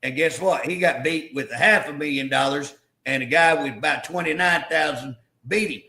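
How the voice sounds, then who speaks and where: Man, political guest, folksy rally-style preaching, gravelly voice, roomy sound. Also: on the high side, normal speed, pushed and bright. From southeast Oklahoma. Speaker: state representative guest. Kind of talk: impassioned political talk show interview.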